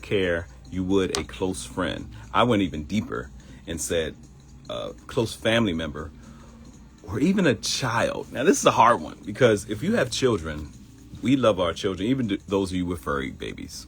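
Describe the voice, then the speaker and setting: A man hosting a live morning talk stream, speaking in a motivational way, repeating phrases and laughing at his own jokes. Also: low-pitched. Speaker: host of a live morning show.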